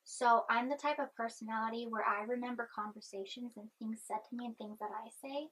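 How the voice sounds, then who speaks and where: Brief: young woman vlogger, soft-spoken, slightly high and breathy, anxious, rambling while chewing gum. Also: steady tone, brisk, poor audio. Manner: chatty, meandering, chewing gum. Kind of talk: rambling personal vlog.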